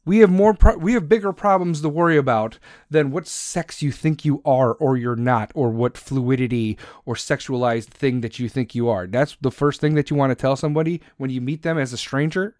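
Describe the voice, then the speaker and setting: A man's voice: mid-range voice, normal speed, few pauses, darkish tone, dry recording, clean studio sound. A man delivering a heated, sarcastic monologue full of swearing. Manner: mocks others in put-on voices. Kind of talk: profane ranting monologue.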